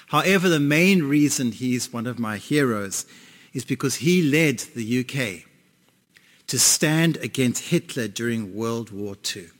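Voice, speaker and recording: A pastor preaches to his congregation in a conversational way, asking them questions as he goes. His voice sits at medium pitch with a fairly bright tone, and a long hall reverb trails behind it.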